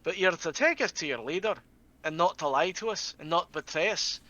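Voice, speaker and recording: Man voicing a Scottish healer, stern, kindly, bright voice, dull lo-fi sound. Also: a little high, expressive, a little fast, voice pushed up. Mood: stern bargaining. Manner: bargaining firmly, calls people laddie.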